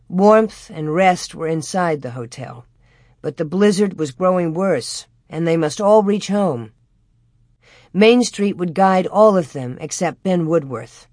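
An audiobook narrator giving a measured, expressive storybook reading with dramatic build. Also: medium pitch, dry recording, clean studio sound.

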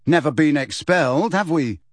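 A man's voice: a little high, animated, moderate pace, no room sound. A man voicing a cheeky, mischievous teenage boy with an offhand manner.

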